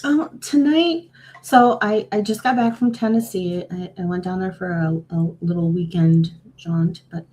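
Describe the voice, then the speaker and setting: A woman co-hosting a podcast, answering in an easygoing, relaxed way. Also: lowish voice, unhurried, slight background noise. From US Midwest. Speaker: podcast co-host. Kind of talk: casual podcast chat.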